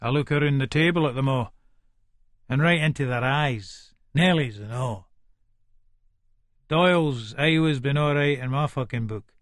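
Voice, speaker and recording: A man's voice: medium pitch, unhurried, long pauses, no room sound, studio quality, close to an everyday voice. An actor with an Edinburgh Scots accent narrating as a volatile, foul-mouthed Leith man in middle age, in a full-cast audiobook. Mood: menacing. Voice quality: coarse, swearing, menacing. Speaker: first-person narrator.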